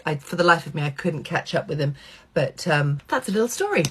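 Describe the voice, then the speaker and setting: A middle-aged woman vlogger telling a personal anecdote, animated, swearing freely and acting out quoted lines. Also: deep voice, normal speed, breathy edge.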